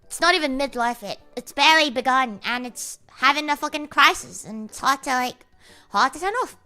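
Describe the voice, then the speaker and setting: A woman's voice: high voice, expressive, normal speed, pushed and bright, soft background music. A young woman chatting on a livestream, playful and exaggerated, swearing freely. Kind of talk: casual stream chat.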